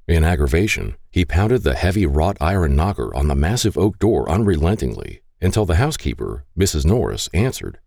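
A man narrating an audiobook in an expressive way. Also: rumbling low, fairly quick, vocal fry, hardly any pauses, no room sound, clean studio sound.

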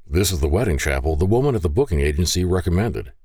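Guy doing a playful flirty groom, low voice, teasing, lively, audiobook. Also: fast talker, no room sound, studio quality. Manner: flirtatious, joking.

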